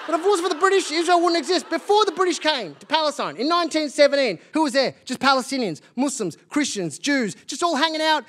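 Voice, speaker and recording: A man doing live stand-up in a large theatre, with a quick, mocking, punchy delivery into a stage mic. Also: extremely high pitch, a bit bright, slight background noise. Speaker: stand-up comedian.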